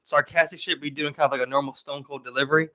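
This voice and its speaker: A man with a Baltimore accent rattles through casual podcast talk, full of "like"s. His voice is bright and a little high, and he talks fast. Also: fairly even intonation. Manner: rambling, filler-heavy, many "like"s. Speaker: podcast co-host.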